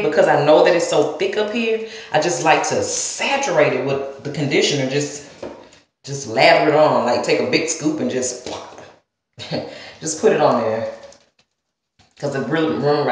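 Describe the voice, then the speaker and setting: A woman from the Southern US with a Southern accent, rambling casually through a hair-care vlog and talking straight to her viewers. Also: sits low. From Southern United States. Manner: chatty, talks straight to viewers with y'all and girl. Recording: very echoey room.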